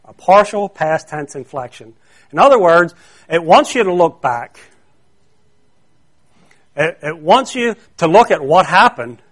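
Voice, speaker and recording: A man's voice: fairly high pitch, lively intonation, measured pace, pauses often, a bit bright. A man preaching a sermon, explaining a Bible word in an earnest way that grows more intense when he stresses a point.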